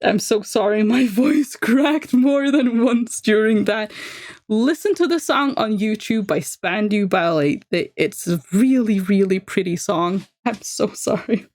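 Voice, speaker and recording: A woman's voice: medium pitch, measured pace, a little mellow. A young woman livestreaming, chatting casually and self-deprecatingly while she draws, laughing often. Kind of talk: casual chat while drawing.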